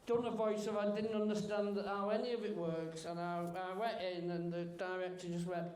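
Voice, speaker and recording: A man's voice: high voice, little pitch movement, fairly quick, darkish tone. A comedian at a cinema Q&A who tells a story with stammering restarts and keeps laughing as he goes. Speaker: comedian guest at a Q&A. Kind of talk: anecdotal storytelling. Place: cinema auditorium Q&A. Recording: roomy echoey cinema.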